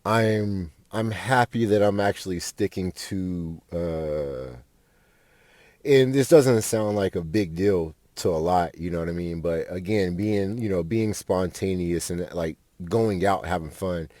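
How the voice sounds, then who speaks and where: A man's voice: low voice, measured pace, a little mellow, no room sound. A young man, a podcast host telling a rambling, profane story with lots of fillers. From Fort Worth, Texas. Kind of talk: casual storytelling monologue.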